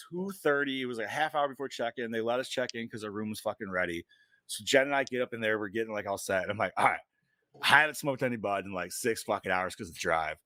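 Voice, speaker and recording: A man's voice: mid-range voice, bright, forceful tone, no room sound. A man hosting a podcast, telling a rambling story in casual chat and swearing a lot. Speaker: podcast host.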